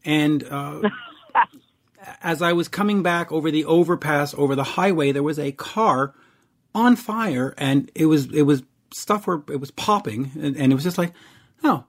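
Chatty male rock-radio host, slightly high voice. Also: moderate pace. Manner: chatty, rambling, with frequent fillers. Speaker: radio show host interviewing a band. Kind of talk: casual interview chat. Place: based in Montreal.

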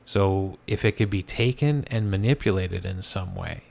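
A man hosting a show, telling a ghost story in a relaxed, conversational way with frequent fillers and restarts. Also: sits low, normal speed, gravelly. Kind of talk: casual storytelling.

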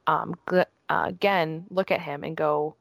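Gravelly-voiced woman gushing about a trailer. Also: low voice, steady tone, no room sound. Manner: gushing and emotional, quick bursts. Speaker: guest discussing a game trailer. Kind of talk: excited casual chat.

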